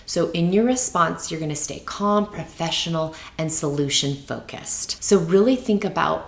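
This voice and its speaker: A woman with a notably low voice gives teaching advice straight to camera in a relaxed, conversational way. She keeps tossing in little tag questions to check in with viewers, and her voice rings off the walls of an echoey room. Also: moderate pace, creaky, few pauses. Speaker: teacher and channel host. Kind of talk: advice video talking to camera.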